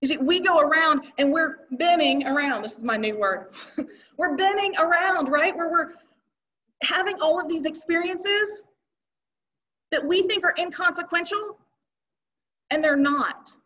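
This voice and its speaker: A woman's voice: very high-pitched, animated, unhurried, pauses often, bright, forceful tone, distant mic. A woman giving a conversational motivational talk to a live audience, with rhetorical questions and emphatic delivery. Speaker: keynote speaker. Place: event hall with audience. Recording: dull lo-fi recording.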